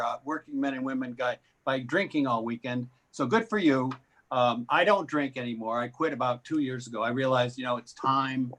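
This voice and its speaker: A man's voice: mid-range voice, fairly bright tone. A man doing a stand-up comedy set on a live stream, with wry, self-deprecating delivery.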